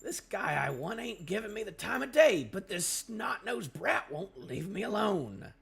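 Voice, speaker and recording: A man voicing a brash, scheming male pirate captain in a put-on British accent, gruff and boastful. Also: high voice, big pitch swings, unhurried, a bit bright, pitched above the performer's own voice, heavily acted. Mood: scornful.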